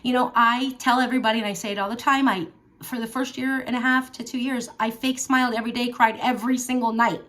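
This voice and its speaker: A woman's voice: fairly high pitch, steady tone, fast talker, fairly bright tone. A middle-aged woman talking earnestly and from the heart to her viewers in a personal vlog, with emphatic repeats and casual fillers. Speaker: vlogger. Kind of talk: personal talk to camera.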